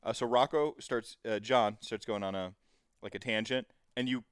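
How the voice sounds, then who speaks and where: A man's voice: medium pitch, fairly even intonation, normal speed, clear, resonant tone, no echo, clean studio sound. A man in his thirties hosting a casual podcast chat, rambling with plenty of fillers and the odd swear word. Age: 30s. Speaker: podcast host.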